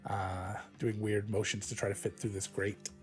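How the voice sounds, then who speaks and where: A man narrating as the game master of a live tabletop game, often pausing with fillers and restarting. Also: on the low side, flat delivery, soft background music. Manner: halting, many fillers and restarts.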